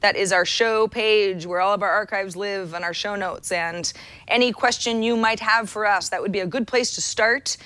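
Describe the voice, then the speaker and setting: A woman's voice: medium pitch, moderate pace, bright, forceful tone, smooth, no echo. A woman co-hosting a tech talk show in casual chat, self-deprecating and chatty, often restarting her sentences. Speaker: podcast co-host.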